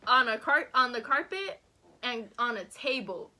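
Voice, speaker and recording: A young woman vlogger telling a story to the camera in a lively, animated way. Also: a little high, a little slow. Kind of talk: casual storytelling chat.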